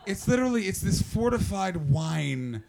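A man from Canada doing stand-up crowd work on a club stage, brash and profane, mocking the audience with quick banter. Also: high voice, sing-song, gravelly, noisy background. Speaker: stand-up comedian. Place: comedy club stage before a live audience. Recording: live club with loud crowd. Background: audience laughter.

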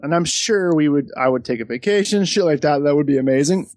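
A man's voice: a little high, fast talker, darkish tone, dry recording, studio quality. A man co-hosting a podcast in casual chat, laid-back, laughing often and swearing freely. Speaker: podcast co-host.

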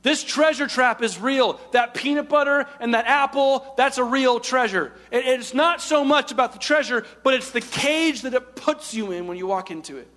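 A man preaching a sermon as pastor, animated, swinging from loud emphatic lines to hushed asides. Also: very high-pitched, moderate pace, hardly any pauses, big-room sound.

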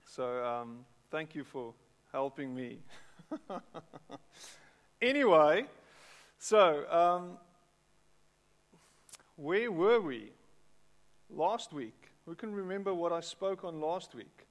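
A pastor with a South African English accent preaches in a fairly high, very animated voice, moving at a slow pace with long pauses. He chats with the congregation and often repeats words, and the church hall adds a long, echoey reverb.

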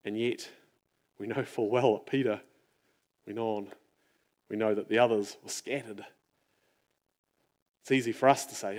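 A man preaching a sermon in an earnest, reflective way, often dropping his voice to a near-hush. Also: fairly low pitch, steady tone, measured pace, long pauses.

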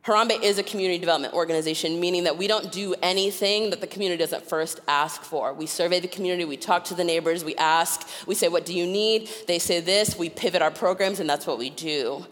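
Woman giving a sermon, lively storyteller, acts out voices, long church-hall echo. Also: fairly low pitch, fast, few pauses. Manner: animated, acts out voices in her stories, laughs often. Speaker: guest preacher. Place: church sanctuary.

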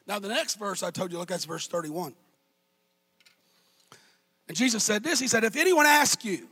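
High, raspy pastor preaching in bursts. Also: male voice, lively intonation, moderate pace, pauses often. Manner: shouting, sing-song preaching cadence. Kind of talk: sermon.

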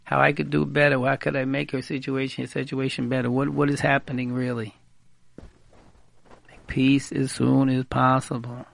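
Gravelly man giving practical advice. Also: medium pitch, little pitch movement, moderate pace. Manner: repeats key words for emphasis; mixes in Hebrew and Yiddish terms. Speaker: radio speaker giving marriage advice. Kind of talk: informal advice talk.

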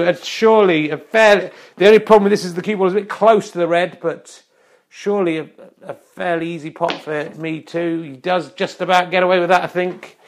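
A man giving spoof, mock-serious snooker commentary with wry topical asides. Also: sits high. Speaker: comic mock sports commentator.

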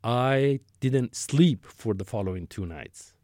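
This interview guest, a man in his sixties, talks slowly in a mid-range, darkish, expressive voice. His long work story rambles, with restarts and dialogue he acts out, told conversationally. It's clean studio sound without echo.

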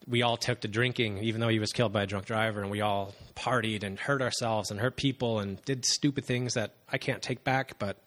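A man in his thirties giving an earnest, halting personal testimony to a congregation, with frequent pauses and fillers. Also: lowish voice, steady tone, fairly bright tone. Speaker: church member giving testimony.

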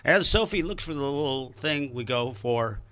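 A man's voice: medium pitch, expressive, normal speed, bright, forceful tone, smooth. A man hosting a casual talk show, chatty and rambling, with lots of fillers. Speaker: podcast host.

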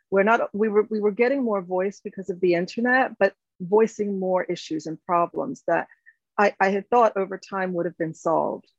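A woman in her fifties, founder of a company, talking through her story in an interview. She speaks reflectively with many fillers and restarts, her voice carrying a gravelly edge. The recording is dry and a little dull. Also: on the low side, no echo. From United States. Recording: dull, slightly lo-fi sound.

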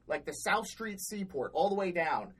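A woman's voice: on the low side, lively intonation, normal speed, breathy edge, poor audio. A woman co-hosting a podcast, telling work stories in a blunt, exasperated, heavily profane casual chat. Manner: blunt, exasperated, swears often. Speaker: podcast co-host.

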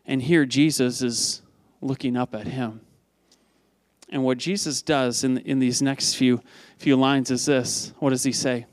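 A male pastor preaching a conversational sermon to a congregation, lively and prone to repeating words as he asks them questions. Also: mid-range voice, no echo.

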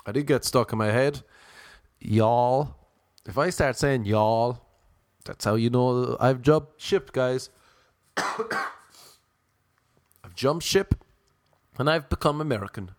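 A man's voice: mid-range voice, slow, long pauses, dry recording. Brief: Irish man, rambling jokey storyteller, dry close sound. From Ireland. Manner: rambling, self-mocking, jokey asides. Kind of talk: casual comic storytelling.

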